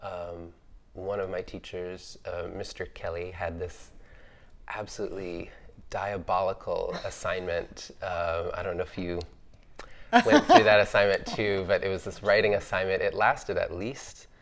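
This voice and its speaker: Man, very low voice, gravelly, reflective panel storytelling, laughs easily. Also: steady tone, unhurried, fairly bright tone. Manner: thoughtful, many fillers, laughs easily. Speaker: artist on a roundtable panel.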